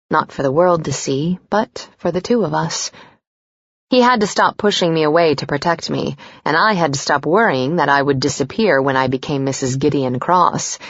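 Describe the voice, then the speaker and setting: A woman narrating a first-person romance audiobook in a soft, intimate, steady way. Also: low-pitched, no echo, lo-fi sound.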